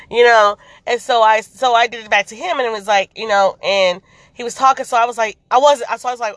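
A woman in her thirties or forties, a mother, casually telling a story to her followers in a chatty, animated way with many fillers. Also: fairly high pitch, quick pace, no echo. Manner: chatty, animated, lots of "you know". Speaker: vlogger.

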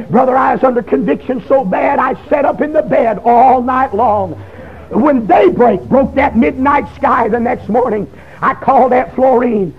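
A man, preaching a testimony sermon in a folksy storytelling way that breaks into shouting. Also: very high-pitched, moderate pace, vocal fry, slightly rough. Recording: dull lo-fi recording.

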